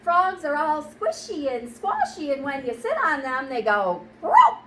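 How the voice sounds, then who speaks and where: A woman's voice: sits high, sing-song, unhurried, very noisy. A woman voicing a curious male dog in a children's storybook, asking eager questions. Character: curious dog who likes sitting on frogs, male.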